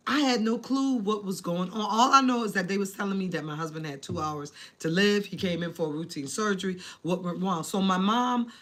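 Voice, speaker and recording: A woman vlogger with a mid-range voice tells her viewers an emotional personal story at a brisk clip with few pauses. She's animated and dramatic, acting out the quotes of the people involved, making asides to the audience, calling them family and using casual slang.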